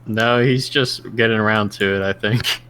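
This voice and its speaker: A man's voice: on the low side, steady tone, moderate pace, pushed and bright, clean tone. A man making brief, matter-of-fact remarks in a casual chat about a game.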